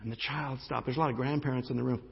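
A man's voice: medium pitch, steady tone, very fast, vocal fry, breathy edge. A male pastor preaching a sermon, telling a story in a conversational way with emphatic restarts. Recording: dull lo-fi sermon recording.

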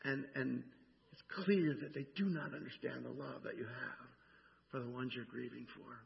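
Gravelly man preaching in an echoing hall. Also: mid-range voice, fairly even intonation, normal speed, background noise. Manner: conversational, repeats "right?", acts out quoted lines. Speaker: pastor. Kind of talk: sermon. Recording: dull sound with long hall reverb.

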